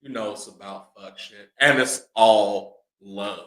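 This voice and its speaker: A man co-hosting a casual podcast, trading crude jokes and long rambling stories. His voice is bright and forceful. The room around him is echoey. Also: lowish voice. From California. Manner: crude, joking, drawn-out storytelling. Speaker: podcast co-host. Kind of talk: casual comedic chat.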